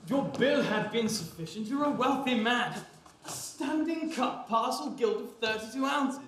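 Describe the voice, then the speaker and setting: A brisk goldsmith, played by a man on a university stage, his voice high and swinging up and down in clipped phrases. The hall gives it a strong echo. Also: expressive, background noise. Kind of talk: live stage acting. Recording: echoey stage from a distance.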